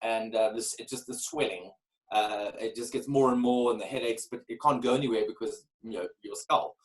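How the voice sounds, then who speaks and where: A man in his forties telling a candid personal story as a podcast guest, earnest and animated, often repeating words as he starts a phrase. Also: medium pitch, a little fast, low-quality recording. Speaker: guest, keynote speaker.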